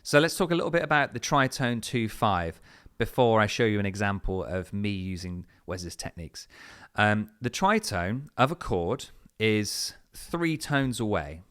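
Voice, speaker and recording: A man's voice: fairly low pitch, animated, unhurried, a bit bright, clear, resonant tone. A man teaching guitar step by step, in a patient, explanatory way with frequent fillers. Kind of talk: step-by-step music lesson. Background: his own guitar playing between phrases.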